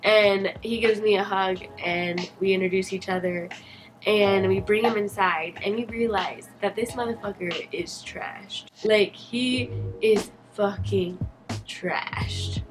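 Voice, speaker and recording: A woman telling a storytime vlog in a chatty, animated, profane way. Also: medium pitch, unhurried, over music. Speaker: vlogger. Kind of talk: casual storytime.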